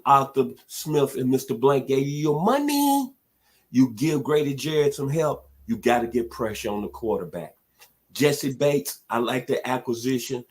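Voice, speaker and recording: A man hosting a sports talk radio show, giving football analysis in punchy, emphatic short statements with repeated catchphrases. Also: mid-range voice.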